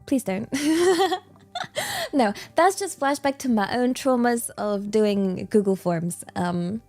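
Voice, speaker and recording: A woman's voice: fairly high pitch, takes it slowly, a little mellow, faint music behind. A woman hosting a casual livestream Q&A, rambling with lots of fillers and giggles. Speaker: VTuber streamer.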